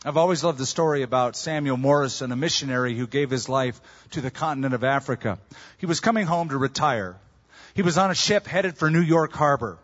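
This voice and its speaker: A man preaching a sermon, his voice sitting a little high for a man. He tells stories with lively rises and drops in pitch and loudness. The recording sounds dull and lo-fi. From California. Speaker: pastor.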